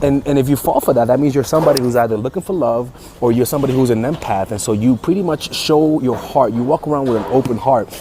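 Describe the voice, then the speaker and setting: Blunt, crude man with a mellow voice. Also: mid-range voice, a little hiss or hum. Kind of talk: casual advice talk.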